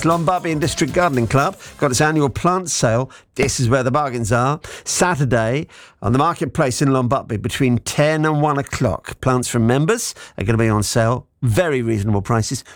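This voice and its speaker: A man's voice: medium pitch, moderate pace, no room sound, faint music behind. A man hosting a local radio show, teasing and playful as he reads messages and chats with a guest. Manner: playful, teasing, animated delivery. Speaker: radio presenter. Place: radio studio. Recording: dry studio sound.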